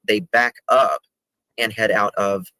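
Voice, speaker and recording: Man, low-ish bright voice, halting explainer, dry close sound. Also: fairly even intonation, no room sound, low-quality recording. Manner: halting, many restarts, walks through footage. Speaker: guest presenting a video. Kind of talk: casual explanation over video call.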